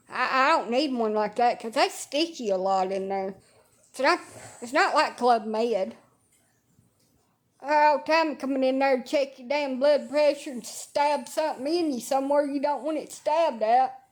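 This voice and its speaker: A high-voiced woman at normal speed livestreams from bed at home to her social media audience. Her rambling chatter is blunt and sarcastic, with plenty of swearing.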